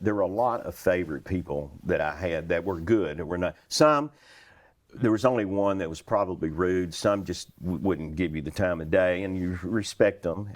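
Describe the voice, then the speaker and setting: Deep-voiced Kentucky storyteller in his sixties. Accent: Western Kentucky. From Western Kentucky, USA. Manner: chuckles through stories, animated and folksy. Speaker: interview guest, retired flight attendant. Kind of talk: anecdotal storytelling.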